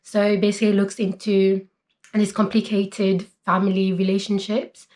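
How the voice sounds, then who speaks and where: A woman's voice: mid-range voice, flat delivery, moderate pace, darkish tone. Girl in her 20s rambling about books, lots of "like" and "basically". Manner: chatty, many fillers like "basically" and "like". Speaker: book vlogger. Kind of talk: casual chat.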